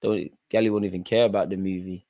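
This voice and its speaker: A man's voice: low voice, flat delivery, fast talker, mellow. A man hosting a live football watchalong, calling out players by name and bantering in casual slang. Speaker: watchalong host.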